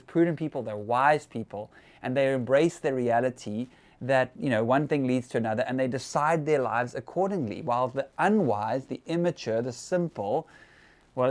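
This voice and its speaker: A man's voice: medium pitch, darkish tone. A man hosting a casual church talk, chatty and conversational with fillers and laughs.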